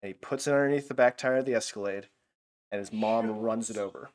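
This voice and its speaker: A man teaching a Bible lesson in a casual, animated way, full of fillers like "like". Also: on the low side, fast.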